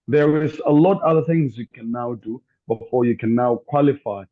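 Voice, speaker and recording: A man's voice: medium pitch, moderate pace. A man in an online debate, talking insistently and repeating his questions. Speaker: debate guest. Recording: tinny phone-like line.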